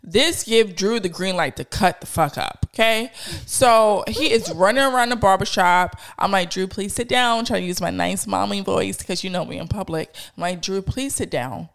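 A woman podcast host, telling stories in slangy, animated casual chat. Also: medium pitch, normal speed, creaky, few pauses. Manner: animated storyteller, slangy, laughs.

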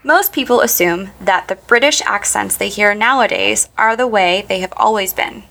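A woman's voice: mid-range voice, moderate pace, gravelly, sharp tone. A woman from the United States hosting a podcast, reading prepared notes and riffing on them with enthusiasm. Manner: enthusiastic, reads facts then riffs. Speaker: podcast host. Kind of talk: reading prepared notes mixed with casual chat.

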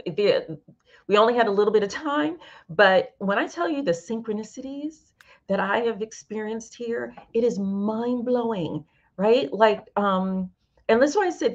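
A Brooklyn sex coach guests on a casual interview, animatedly telling stories and voicing the other people in her anecdotes. Her voice is mid-range, and the recording sounds muffled.

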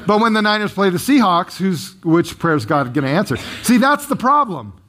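Pastor, male, animated and chatty sermon delivery, high-pitched, swinging pitch. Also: a little fast. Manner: lively, conversational, joking with the congregation.

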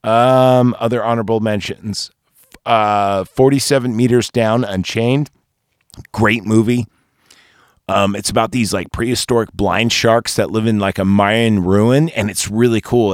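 A man's voice: fairly low pitch, no echo, clean studio sound. A man hosting a podcast, giving a casual and enthusiastic movie review, rambling and swearing freely. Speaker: podcast host.

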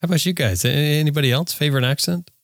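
A man's voice: on the high side, very fast. A man hosting a podcast chat, playful and teasing as he steers the talk. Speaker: host. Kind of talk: casual group chat on a podcast.

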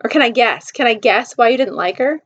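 A man's voice: extremely high pitch, lively intonation, brisk, a bit bright, breathy edge, muffled recording, exaggerated voice. A woman voicing a teasing, easygoing young man in her own story, kept close to her own voice.

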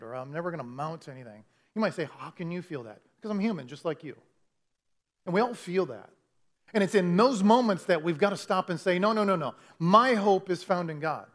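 A man preaching a conversational sermon in a church, often restarting his phrases. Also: sits high. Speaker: pastor.

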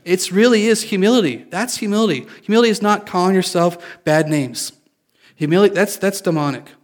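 A man's voice: sits high, brisk. A male pastor giving a conversational sermon, often restarting his sentences and making light jokes. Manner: conversational, self-correcting, joking.

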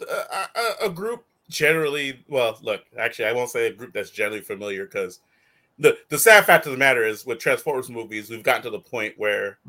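Brief: bright, lively male talk-show host who riffs and laughs a lot. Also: medium pitch. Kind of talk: casual chat.

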